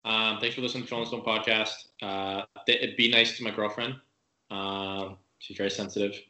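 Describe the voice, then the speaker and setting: A man's voice: fairly low pitch, little pitch movement, normal speed, pushed and bright. A young man co-hosting a podcast, rambling and joking with lots of fillers. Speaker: podcast co-host. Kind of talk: casual banter. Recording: echoey room.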